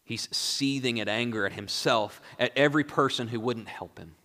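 A male pastor preaching a sermon, moving between hushed, quiet lines and raised, emphatic passages. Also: mid-range voice, moderate pace, long reverb tail.

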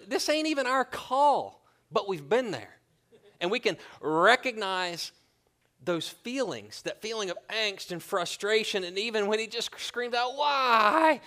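A pastor preaching a sermon, earnest and conversational, dropping into casual asides to the congregation. His man's voice sits a little high. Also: a bit bright.

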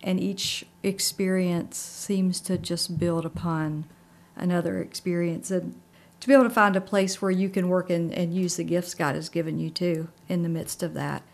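A woman pastor with a slightly low voice leads a faith conversation. She speaks gently and encouragingly, pausing to reflect as she talks. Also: fairly even intonation. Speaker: pastor and co-host.

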